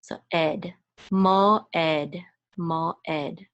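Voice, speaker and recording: A woman with a slightly low voice gives a Hebrew reading lesson. She speaks very slowly, hesitating often and restarting her phrases as she sounds out each letter and vowel one by one. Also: steady tone, fairly bright tone, lo-fi sound. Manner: patient, hesitant, many fillers and restarts; spells out sounds and syllables one by one. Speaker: Hebrew and Torah chanting teacher. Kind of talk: slow step-by-step reading lesson.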